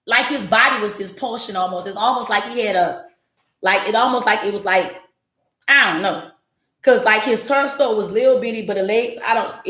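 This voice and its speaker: A woman in her forties hosting a podcast, talking bluntly and with plenty of profanity in a casual monologue to her listeners. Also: fairly high pitch. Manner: blunt, profane and animated, jumping into quoted voices. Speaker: podcast host. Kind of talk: casual monologue to a live audience. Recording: echoey room.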